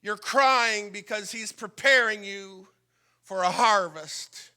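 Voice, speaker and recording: A pastor preaching a sermon in a high, very bright voice that rings clean and smooth. He takes his time, building from calm teaching to fervent climaxes, and sometimes sinks to a whisper. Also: slow. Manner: drops to a whisper when quoting a prayer.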